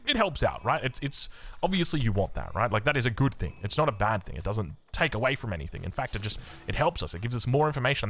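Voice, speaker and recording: Lively fast-talking Australian man casting. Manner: chatty, rambling asides, lively swings in pitch. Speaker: game caster. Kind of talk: energetic esports commentary.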